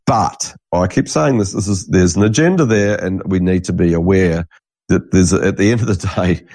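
A man's voice: low-pitched, moderate pace, darkish tone, no echo. An Australian man in an angry, rambling, conspiratorial monologue, swearing freely. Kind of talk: ranting monologue.

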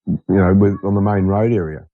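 A man's voice: low voice, fairly even intonation, a little fast, dry recording. A man co-hosting a casual podcast chat, talkative and repeating himself, recorded in dull lo-fi sound. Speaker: podcast co-host.

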